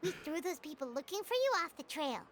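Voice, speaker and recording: A woman voicing a tiny floating female companion in a video game, chirpy and bossy, with a high, bouncy delivery. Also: sing-song, fast. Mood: reassuring.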